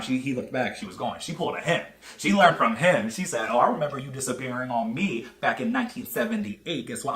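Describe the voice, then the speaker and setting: A man giving a casual, animated movie review, talking fast and swearing a lot. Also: medium pitch. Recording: echoey room.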